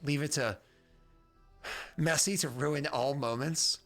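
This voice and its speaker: A man's voice: on the high side, takes it slowly, a bit bright, faint music behind. A man narrating and hosting as game master of a tabletop role-playing game, rambling and teasing his players with many fillers.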